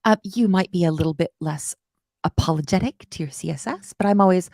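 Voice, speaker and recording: A woman's voice: fairly low pitch, a little fast, a little mellow, no echo, studio quality. A woman teaching coding on a live stream, chatty and self-deprecating, with playful asides and the odd whisper. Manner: slips into playful quoted voices and whispers.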